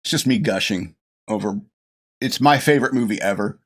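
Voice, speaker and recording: On his podcast, a middle-aged man reviews a movie in a loose, rambling way, laughing frequently, gushing, and doing lines from the film. His voice is on the low side, and he talks fairly quickly.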